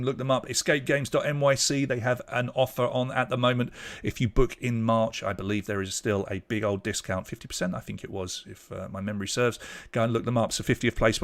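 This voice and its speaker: A young British man hosting an online pub quiz, chatty and loose, reading out scores and names and trailing off when a name escapes him. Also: mid-range voice. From Britain. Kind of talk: live-streamed quiz hosting.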